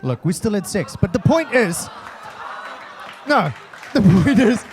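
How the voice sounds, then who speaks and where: A man's voice: high voice, unhurried, a crowd in the background, noisy background. A South African man performing a stand-up comedy set, acting out the people in his stories with put-on voices. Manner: animated, acts out quoted characters in put-on voices.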